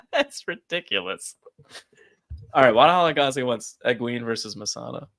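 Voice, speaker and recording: Swearing, excitable podcast co-host man. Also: mid-range voice, vocal fry, no echo. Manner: animated, laughing, heavy swearing. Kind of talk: casual chat.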